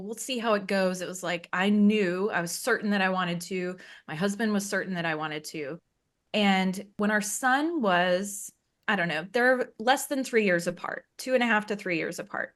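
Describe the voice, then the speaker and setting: Woman guest, mid-range voice, candid and chatty, quick to laugh. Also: mid-range voice, a bit bright. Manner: frank, conversational, laughs often. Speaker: interview guest. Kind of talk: candid personal story.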